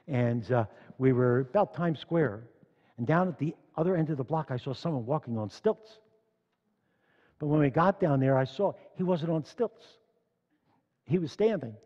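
In a dull, echoing church hall, an older Philadelphia man who leads the congregation delivers a sermon built on stories. His slightly rough, medium-pitched voice swells loudly whenever he reads from scripture.

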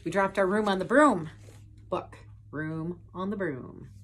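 A woman's voice: lowish voice, unhurried, fairly bright tone. A woman hosting a children's story time, reading a picture book aloud with chatty asides to young viewers. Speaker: storyteller host.

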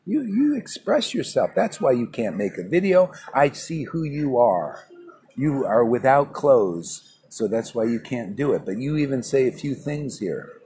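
Brash scolding man, lively gravelly voice. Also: mid-range voice, measured pace. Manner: brash, scolding, colloquial, keeps saying "man". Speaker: spiritual teacher. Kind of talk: informal morning class talk. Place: public place.

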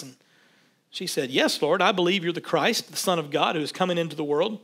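A man preaching a sermon in a relaxed, conversational way, reading scripture aloud and stopping to comment on it. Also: high voice, brisk. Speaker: pastor.

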